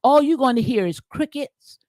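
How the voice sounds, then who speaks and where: Reading material aloud and reacting to it, this commentary host, a middle-aged woman, speaks with a preacher's cadence, emphatic and colloquial, looping back on phrases and capping lines with "okay?". She has a fairly high, expressive voice and takes her time, recorded in studio quality without echo.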